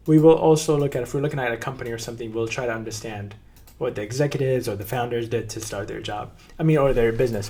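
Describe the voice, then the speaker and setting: A man's voice: medium pitch, a little mellow, slight background noise. A young man casually reacting to a video on a live stream, rambling with playful asides.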